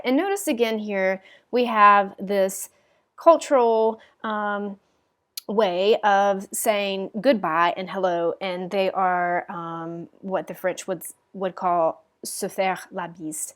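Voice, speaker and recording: A woman teaching a French class in a recorded lecture, patiently explaining with frequent ums and modelling the phrases aloud. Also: medium pitch.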